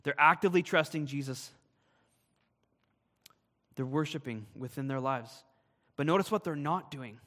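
A man's voice: fairly high pitch, moderate pace, long pauses, a bit bright, big-room sound. A man, a pastor, preaching a sermon with earnest, emphatic delivery.

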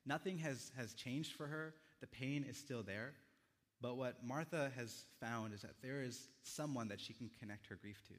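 A young man preaching a sermon as a pastor, in a gentle, reflective storytelling manner with quiet pauses. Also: medium pitch, big-room sound.

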